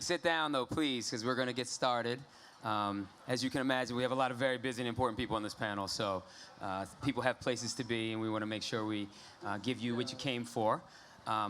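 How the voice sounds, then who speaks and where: A man moderating a conference panel on stage, joking and relaxed with many fillers. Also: medium pitch, slight background noise.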